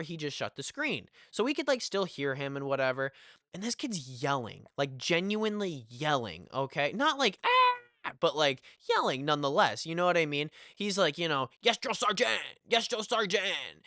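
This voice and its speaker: A young man telling a casual storytime, animated and full of swearing and filler phrases. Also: on the high side, no room sound, clean studio sound.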